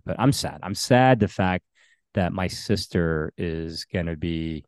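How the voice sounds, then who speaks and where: A man's voice: low voice, unhurried, a little mellow, no echo, clean studio sound. A man who is a pastor and podcast co-host, talking earnestly and reflectively in casual conversation, with many fillers and restarts.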